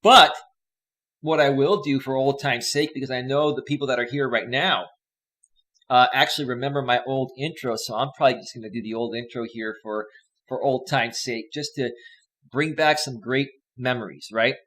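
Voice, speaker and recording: Speaking at a moderate pace in a mid-range, fairly bright voice, a male live-stream host from Northern California chats with his audience from a home green-screen setup with a desk mic. His talk is rambling and upbeat, and he reads viewer comments out loud.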